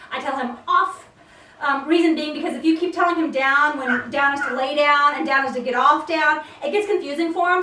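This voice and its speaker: A young woman demonstrates dog training, talking viewers through her reasons in a high voice. She speaks from a few steps away from the camera, and the room around her rings with echo. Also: bright, forceful tone, recorded from a distance. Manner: explains to viewers between short commands and praise to the dog. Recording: echoey room, voice off-mic.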